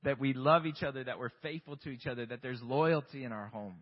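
A man's voice: medium pitch, a little fast. A man preaching a conversational sermon, candid and self-deprecating, full of rhetorical questions. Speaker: pastor. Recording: long hall reverb, dull lo-fi sound.

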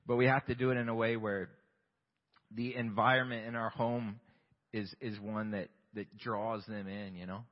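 A man's voice: lowish voice, flat delivery, moderate pace. A man preaching a conversational sermon, candid and self-deprecating, full of rhetorical questions. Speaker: pastor. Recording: long hall reverb, dull lo-fi sound.

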